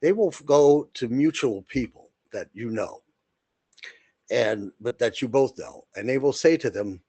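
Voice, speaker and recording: A man co-hosts a podcast and holds forth in a blunt, rambling way, restarting his sentences often. His voice sits at an ordinary middle pitch. The recording is dry and close, with little room sound. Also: lively intonation, unhurried, warm tone, breathy edge, no echo. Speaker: podcast co-host. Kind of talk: casual monologue.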